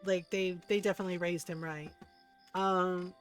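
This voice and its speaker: A woman's voice: lowish voice, steady tone, moderate pace, faint music behind. A woman streamer chatting casually over her gameplay, rambling with lots of fillers and giggling as she retells stories.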